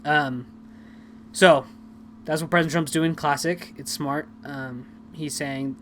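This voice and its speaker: Young male podcast host, slightly high voice, casual and rambling, faint hum behind. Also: steady tone, takes it slowly, fairly bright tone. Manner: chatty, self-deprecating, rambling with many fillers. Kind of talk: casual political commentary.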